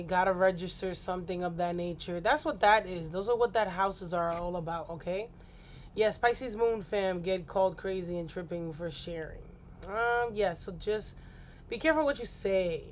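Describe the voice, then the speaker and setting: A woman's voice: medium pitch, slight background noise. Rambling woman hosting a livestream. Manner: rambling, playful, apologetic asides. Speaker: astrology livestream host. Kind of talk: casual livestream chat.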